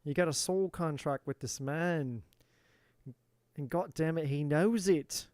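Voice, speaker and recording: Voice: mid-range voice, a little slow, a little mellow, dry recording. A tarot reader giving a live reading in a playful put-on British accent, swearing and exasperated in a theatrical way.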